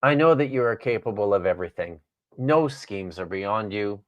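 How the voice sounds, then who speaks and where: A man voicing Job, a worn-down suffering old man, in a measured, solemn scripture reading. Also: on the low side, animated, muffled recording, natural voice.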